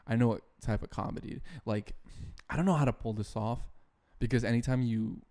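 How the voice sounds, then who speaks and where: A man's voice: medium pitch, steady tone, fairly quick, dark tone. A young man guesting on a podcast, chatting casually with lots of swearing and fillers. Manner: profane, rambling, many fillers. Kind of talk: casual chat.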